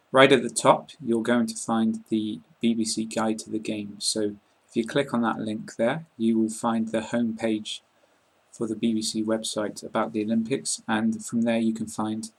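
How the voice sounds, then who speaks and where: A British man with a slightly husky voice, calmly explaining things in an online English lesson. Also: on the low side, rough recording. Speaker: English accent teacher.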